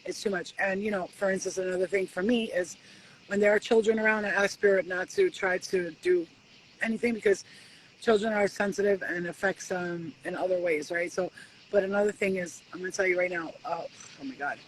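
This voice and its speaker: A woman giving spiritual readings at home in a casual live-stream chat, animated and swearing freely as she acts out conversations with spirits. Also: lowish voice, brisk, a little hiss or hum, low-quality recording. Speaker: spiritual reader.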